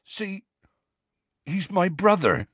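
A man voicing a huge, gentle half-giant who talks earnestly and desperately with rustic grammar, in an audiobook. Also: sits high, sing-song, slow pace, breathy edge, dry recording, pitched above the performer's own voice, heavily acted. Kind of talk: audiobook character voice.

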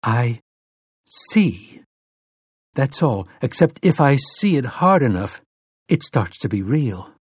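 A man's voice: mid-range voice, very animated, takes it slowly, pauses often, breathy edge, no echo, clean studio sound, heavily acted. A man voicing a determined, wry woman thinking to herself in an audiobook. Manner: wry, stubborn inner thoughts.

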